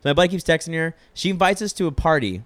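A man's voice: a little high, animated, rapid-fire, fairly bright tone, no echo. A young man telling a long story in casual chat, rambling with lots of filler words and swearing freely. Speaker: podcast storyteller.

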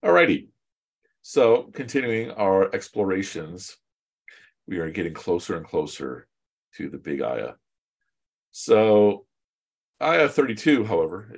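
A man teaching a casual online Quran class, relaxed and joking with chatty asides, over a video call. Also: low voice, vocal fry, breathy edge.

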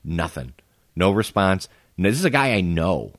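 A man's voice: low-pitched, big pitch swings, moderate pace, no room sound, studio quality. A man co-hosting a podcast, telling a story in a casual, profane, dryly sarcastic way. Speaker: podcast co-host.

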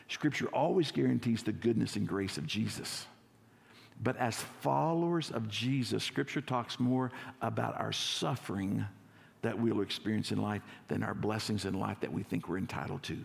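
A man, a lead pastor, preaching a conversational sermon in a church, acting out scenes and slowing down for emphasis. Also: fairly low pitch, vocal fry, in a large hall.

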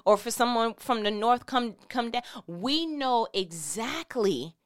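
A woman's voice: fairly high pitch, lively intonation, slow. A woman giving a casual, conversational Christian talk with emphatic, repetitive phrasing. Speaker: Christian speaker.

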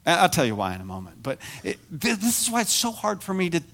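A middle-aged man preaching a sermon as pastor, animated and self-deprecating, moving from quiet confession to near shouting. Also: sits high, fast talker.

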